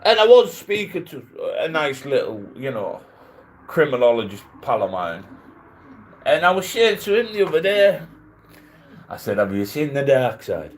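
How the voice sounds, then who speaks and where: A man's voice: on the high side, big pitch swings, moderate pace, pauses often, rough recording. A man ranting on a casual livestream, rambling, mocking and swearing, often breaking into laughter.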